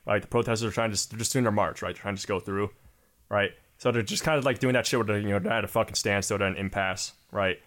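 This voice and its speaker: A man's voice: lowish voice, steady tone, quick pace, fairly bright tone. A young man co-hosting a podcast, talking in a rambling, heavily sworn casual rant full of fillers. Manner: heavy swearing, rambling, filler-laden. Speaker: podcast co-host. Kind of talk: casual chat.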